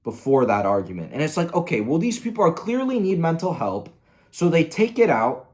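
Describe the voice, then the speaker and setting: Exasperated man ranting with lively pitch. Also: brisk. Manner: angry, profane, exasperated. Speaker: commentary host. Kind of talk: ranting commentary.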